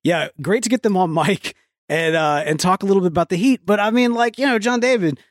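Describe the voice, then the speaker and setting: A man hosting a casual live podcast, teasing his co-host in quick banter. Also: sits high, dry recording, studio quality.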